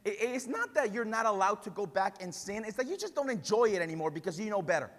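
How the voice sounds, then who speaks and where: A pastor with a Spanish-influenced English accent preaching a passionate sermon, building to shouts with conversational asides. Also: male voice, sits high, expressive, quick pace, in a large hall.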